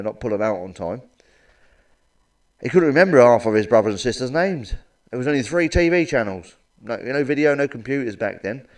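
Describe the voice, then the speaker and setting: A middle-aged man doing blunt, crude stand-up one-liners with a deadpan delivery and plenty of swearing. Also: medium pitch, recorded from a distance. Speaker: stand-up comedian.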